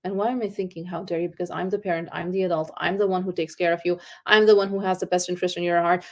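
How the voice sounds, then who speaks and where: A woman speaking at a parenting conference in an animated, earnest teaching tone. By her own account she is loud and excitable. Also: mid-range voice, quick pace, hardly any pauses. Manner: earnest, teaching tone with faith terms. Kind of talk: conference talk.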